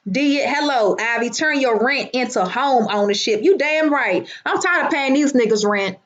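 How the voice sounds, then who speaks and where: A woman, hosting a casual livestream from home, loud and profane, greeting viewers by name. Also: sits high, animated, moderate pace, highs cut off. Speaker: livestream host.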